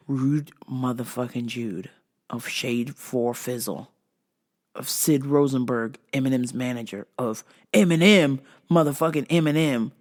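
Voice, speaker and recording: A woman podcast host telling a profane, animated story in casual talk. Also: extremely low pitch.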